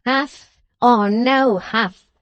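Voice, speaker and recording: A woman's voice: medium pitch, big pitch swings, darkish tone, no room sound, highs cut off. A woman voicing a haughty, jealous young male apprentice who speaks in a lofty, melodramatic way. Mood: haughty, menacing. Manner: lofty, melodramatic, slow and emphatic.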